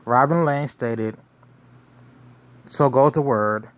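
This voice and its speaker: Slow, rambling male commentator. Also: mid-range voice, lo-fi sound. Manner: rambling, musing, repeats himself. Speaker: show host. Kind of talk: casual commentary.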